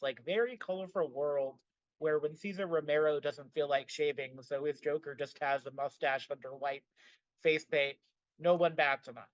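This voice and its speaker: A man's voice: fairly high pitch, dry recording, lo-fi sound. A man co-hosting a podcast in casual chat, talking animatedly and filling his sentences with "like". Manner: animated, frequent "like" fillers. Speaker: podcast co-host.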